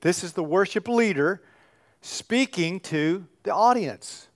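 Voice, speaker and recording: Man, church class teacher, somewhat high voice, animated, loud emphatic bursts, halting restarts. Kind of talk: teaching on a psalm.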